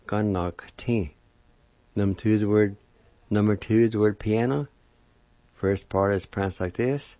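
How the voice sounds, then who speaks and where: A man teaching a language lesson, spelling words and sounding out each syllable slowly. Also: on the low side, warm tone, dry recording. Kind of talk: slow spelling and pronunciation lesson. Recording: dull lo-fi recording.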